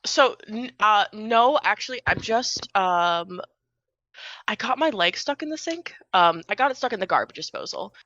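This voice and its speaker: A woman's voice: mid-range voice, expressive, fairly bright tone, no room sound. A woman playing a flustered sister. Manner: rushed, flustered, apologetic. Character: flustered adult sister, apologetic. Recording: dull muffled sound.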